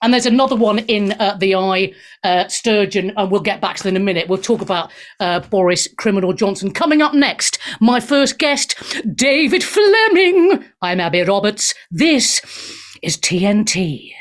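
A woman's voice: mid-range voice, moderate pace. A woman hosting a talk radio show, giving brash, irreverent opinions on the news with frequent laughter.

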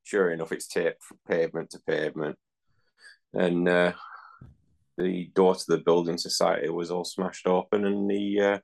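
A man from northern England co-hosting a gaming podcast, dry-humoured and casual with it. His voice sits very low, and it has a gravelly fry running through it. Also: flat delivery, moderate pace. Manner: dry, swearing, laughing. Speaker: podcast co-host. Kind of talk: casual banter. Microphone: remote call mic.

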